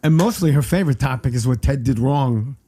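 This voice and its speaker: A man telling jokes in a stand-up bit with deadpan punchlines. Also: medium pitch, fairly quick.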